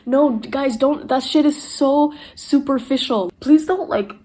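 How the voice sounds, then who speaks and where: A woman's voice: high-pitched, a little slow, mellow. A young woman talking candidly and emotionally to her camera in a casual vlog, swearing freely as she sits on the floor at home. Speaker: vlogger.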